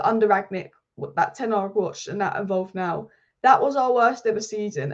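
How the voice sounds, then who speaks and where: A woman hosting a football channel, talking through transfer news in a passionate, rapid-fire way. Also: mid-range voice. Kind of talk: casual football commentary monologue. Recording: slightly dull lo-fi audio.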